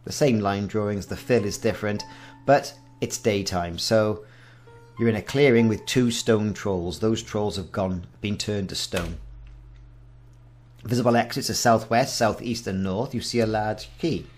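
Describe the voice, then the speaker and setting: With faint music behind him, a man in his forties hosts a laid-back game walkthrough in a lowish, unhurried voice. He reads the on-screen text out loud, adding wry remarks as he goes.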